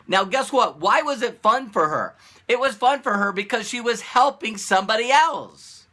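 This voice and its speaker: Lively bright-voiced man coaching. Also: sits high, moderate pace. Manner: animated, asks rhetorical questions, repeats phrases. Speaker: motivational business coach. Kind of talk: casual motivational talk to camera.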